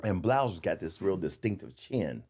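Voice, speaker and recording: Animated, low-voiced man telling stories. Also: normal speed. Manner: animated, laughing storyteller. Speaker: guest, former baseball player. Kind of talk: casual storytelling chat.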